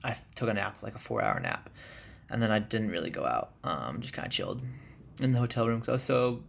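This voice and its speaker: Gravelly-voiced man rambling casually. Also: lowish voice, fairly quick. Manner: rambling, filler-heavy, relaxed chat. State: jet-lagged, tired. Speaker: vlogger. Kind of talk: casual vlog update. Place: hotel room.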